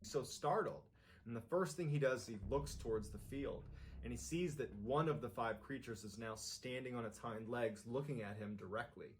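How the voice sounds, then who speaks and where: A man narrating a true-horror tale, pacing it for suspense and rising in intensity. His voice sits in a middle pitch. A faint ambient hum runs behind him. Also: moderate pace. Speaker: storyteller.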